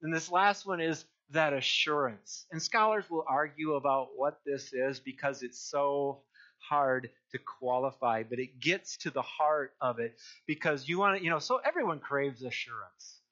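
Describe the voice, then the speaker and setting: An older male pastor preaches in an earnest, rambling way, doubling back on his words and rising to cry out key phrases. His voice sits high and sounds bright and forceful. The recording is dull and lo-fi. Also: normal speed. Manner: earnest, rambling with many restarts and crying-out emphasis. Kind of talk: sermon.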